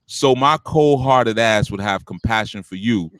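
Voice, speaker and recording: A man with a deep, punchy voice, preaching blunt spiritual talk to callers on his show, animated and swearing freely. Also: a little slow, clear, resonant tone, no room sound. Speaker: spiritual teacher hosting a call-in show.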